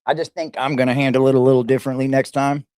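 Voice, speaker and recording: A man's voice: mid-range voice, flat delivery, racing, a little mellow, clean tone, no room sound, clean studio sound. A man hosting a reaction livestream, talking casually in a rambling, repetitive and emphatic way, with some swearing.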